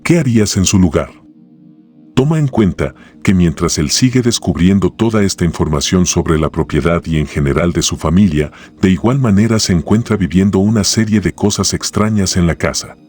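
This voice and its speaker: A man reading scripted narration in a measured, suspenseful way. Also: low voice, darkish tone, husky.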